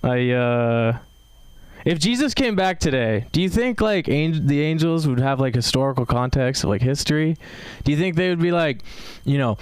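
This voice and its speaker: Young man, stand-up comic, rambling, fillers, smooth voice, dry close sound. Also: medium pitch, expressive, normal speed, no room sound. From Seattle, USA. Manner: rambling, filler-heavy delivery with self-amused laughs. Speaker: open mic comedian. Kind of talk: stand-up set. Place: comedy club stage.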